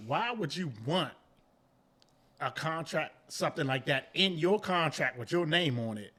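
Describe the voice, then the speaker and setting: A man's voice: on the high side, animated, unhurried, bright, forceful tone. A man co-hosting a podcast in casual chat, laid-back but argumentative and slangy. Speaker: podcast co-host.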